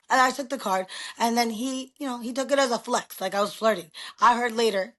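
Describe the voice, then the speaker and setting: A middle-aged woman from New York with a New York accent, a loud and animated guest telling stories in a casual chat. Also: a little high, brisk, hardly any pauses.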